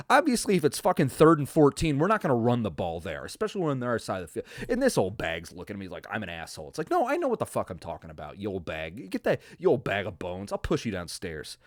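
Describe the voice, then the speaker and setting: A man hosting a podcast, giving a casual, profane football recap that swings from loud frustrated outbursts to low mutters. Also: big pitch swings, quick pace, no echo, studio quality. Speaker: podcast host. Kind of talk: casual ranting sports recap.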